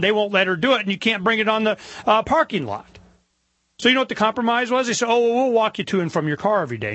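A middle-aged man hosting a talk show, telling stories in a rambling, animated way with lots of asides. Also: a little high, husky, dry recording. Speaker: radio talk show host. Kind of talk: casual monologue.

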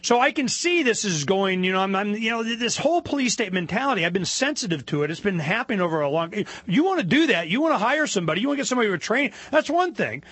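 A man's voice: fast talker, hardly any pauses, husky, no room sound. Indignant man ranting on a talk show. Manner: animated, indignant storytelling, rising pitch when worked up. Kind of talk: opinionated monologue.

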